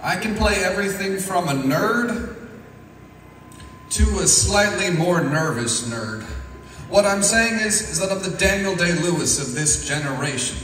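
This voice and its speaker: A young man doing a self-deprecating stand-up comedy set with a deadpan delivery on stage. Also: high voice, a little slow, slight background noise. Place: stage in an echoey venue. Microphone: picked up from a distance. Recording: echoey hall from far off.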